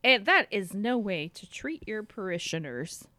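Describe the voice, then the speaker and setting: A giggly woman joking along in casual chat. She talks slowly with a lively, fairly high voice. Her sound is dry and close. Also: no echo. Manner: giggly, quick to joke along. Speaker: podcast co-host.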